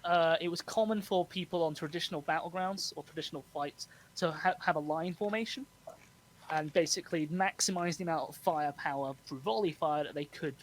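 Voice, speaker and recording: A man hosting a podcast, explaining history in a relaxed chat with frequent laughs. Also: on the high side, fairly quick, low-quality recording. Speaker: podcast host. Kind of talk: casual storytelling chat.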